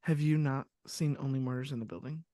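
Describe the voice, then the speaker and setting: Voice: medium pitch, steady tone, fairly quick, dark tone. A podcast co-host reacting to a story in casual chat, often gasping and teasing.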